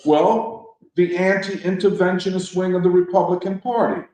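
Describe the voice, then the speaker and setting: A man's voice: sits high, steady tone, moderate pace, warm tone. A man leading a political discussion, speaking emphatically and preacherly, throwing out rhetorical questions. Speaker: discussion leader. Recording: echoey room.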